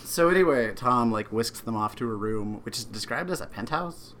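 Male co-host, mid-pitched and bright, wry and teasing. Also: animated, normal speed, slight background noise. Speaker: podcast co-host. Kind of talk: casual book discussion chat.

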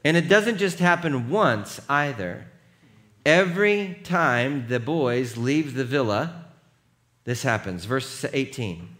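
A man preaching a sermon as pastor, animated and emphatic, and rallying the congregation. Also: medium pitch, slow.

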